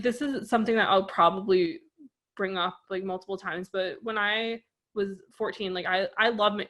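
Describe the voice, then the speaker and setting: A woman's voice: medium pitch, fairly bright tone. Chatty woman rambling with "like". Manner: rambling storyteller, heavy use of "like". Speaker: podcast co-host. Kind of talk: casual podcast chat.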